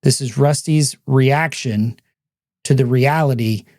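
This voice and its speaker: A man's voice: medium pitch, takes it slowly, background noise. A man hosting a podcast, thoughtfully summarizing a film scene. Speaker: podcast host. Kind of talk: movie discussion podcast.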